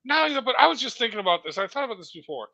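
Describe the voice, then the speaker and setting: A man on an online discussion panel, animated and firing off rhetorical questions. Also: very high voice, very fast, gravelly, no room sound, muffled recording.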